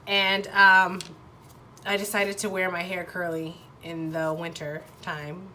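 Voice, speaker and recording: A young woman with a nasal voice from a sinus infection, giving a casual tarot reading and often pausing and restarting as she searches for words. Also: on the low side, little pitch movement, pushed and bright, a little hiss or hum. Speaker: tarot reader.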